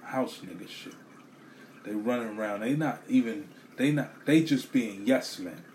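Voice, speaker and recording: A man telling a story as a profane rant, animated, swearing a lot and repeating himself. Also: lowish voice, a little slow, slight background noise.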